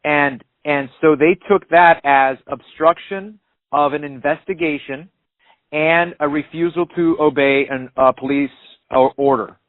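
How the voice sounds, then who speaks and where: A man's voice: fairly high pitch, unhurried, dry recording. A man calling in to a radio show, earnestly retelling a traffic stop in detail. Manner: animated, retells dialogue, earnest. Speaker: caller telling his story. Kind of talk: conversational storytelling. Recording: dry phone-line sound.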